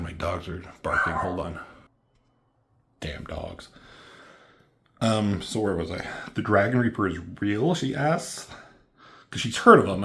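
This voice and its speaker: A man's voice: low voice, fairly bright tone. A man casually walking through his own comic book, reading bits of dialogue and rambling with many fillers. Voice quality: rambling, many fillers, reads dialogue with slight character shifts.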